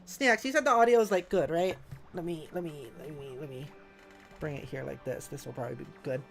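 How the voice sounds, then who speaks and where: A woman's voice: low-pitched, a little fast, creaky, soft background music, poor audio. A woman co-hosting a game stream, chatting playfully with her partner and reading out comments from chat. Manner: playful, giggly, reads chat aloud. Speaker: streamer co-host.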